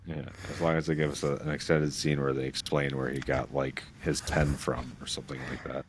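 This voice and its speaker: A man's voice: very deep voice, flat delivery, a little fast, background noise. A man co-hosting a casual podcast chat who makes dry, wry remarks. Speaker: podcast co-host.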